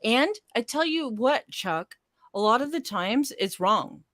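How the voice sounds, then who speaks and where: A woman who hosts a podcast and radio show, chatting as a guest in a casual conversation over a video call, animated, with quick bursts and lots of fillers. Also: fairly high pitch, dry recording, clean studio sound.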